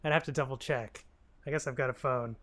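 A man co-hosting a podcast, recapping a TV show in casual chat, laughing often and acting out characters in quick quoted lines. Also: mid-range voice, steady tone, a bit bright. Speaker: podcast co-host.

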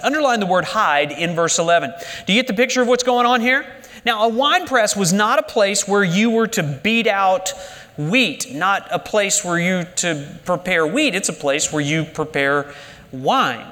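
Animated high-voiced man preaching in a hall. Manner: animated preaching with rhetorical questions. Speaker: pastor. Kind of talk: sermon.

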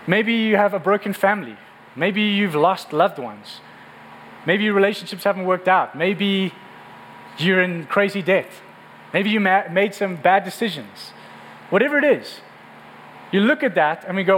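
A man's voice: high-pitched, animated, normal speed, fairly bright tone, slight background noise, poor audio. A male pastor giving a sermon to a congregation in a room, in an earnest, conversational way that often repeats words.

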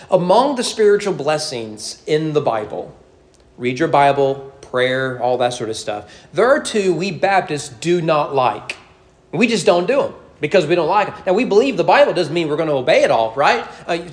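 Man, pastor, animated sermon, very expressive pitch, jokes with the congregation. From United States. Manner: animated, conversational preaching with humor and rhetorical questions. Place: church sanctuary.

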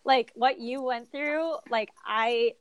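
A woman's voice: a little high, takes it slowly, clear, resonant tone, no room sound. A woman hosting a podcast, talking casually and with empathy, often trailing off with "like". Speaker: podcast host. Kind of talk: casual chat.

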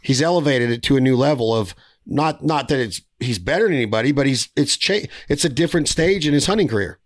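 A man hosting a podcast, rambling through a hunting story with quick restarts. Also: medium pitch, expressive. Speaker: podcast host. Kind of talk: casual podcast chat.

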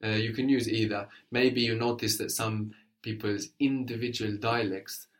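A man's voice: fairly low pitch, fairly even intonation, normal speed. A man teaching a language lesson, patiently prompting his student with questions and often checking with "no?".

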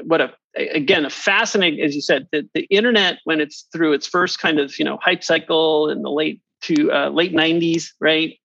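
A man hosting a conversational interview, asking eager, animated questions with many restarts. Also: fairly high pitch, gravelly, no echo. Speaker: podcast host. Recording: dry, dull lo-fi sound.

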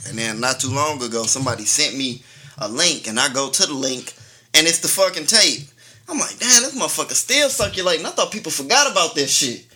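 Bright-voiced man telling a story casually. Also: medium pitch. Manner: laid-back, profane, laughing storyteller. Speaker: podcast co-host.

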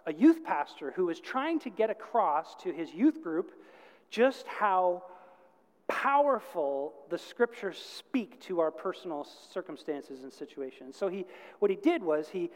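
A man's voice: high-pitched, animated, unhurried. A man preaching a sermon, telling a story earnestly and rising to emphatic peaks. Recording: long reverb of a large hall.

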